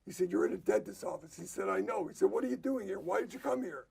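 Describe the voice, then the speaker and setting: A man telling a joke in a flat, matter-of-fact way, in a quiet clip with background hiss. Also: high voice, quick pace, creaky, a crowd in the background.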